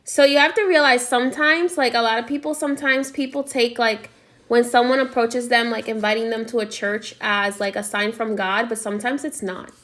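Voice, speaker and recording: A woman's voice: on the high side, fairly even intonation, normal speed, fairly bright tone. A woman who teaches spiritual practice, telling a story in a chatty monologue and checking in with her listeners. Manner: chatty, frequent "okay?" check-ins.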